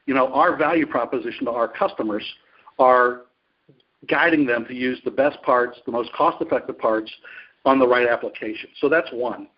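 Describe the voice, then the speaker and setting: A male executive being interviewed, answering in a measured, explanatory way with frequent fillers. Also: mid-range voice, animated, slightly rough, highs cut off. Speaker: industry executive guest. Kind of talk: business interview.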